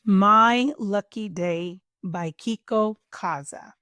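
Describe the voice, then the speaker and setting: A middle-aged woman hosting a children's storytime and reading a picture book aloud with an animated, expressive teacher's manner. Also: medium pitch, takes it slowly, clean tone, no room sound, clean studio sound. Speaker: host and children's story reader.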